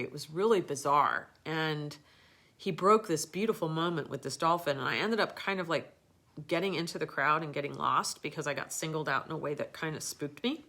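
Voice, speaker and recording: A woman's voice: sits low, fairly quick, a bit bright. A middle-aged woman hosting a live show, rambling through a personal story with many fillers and restarts. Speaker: host.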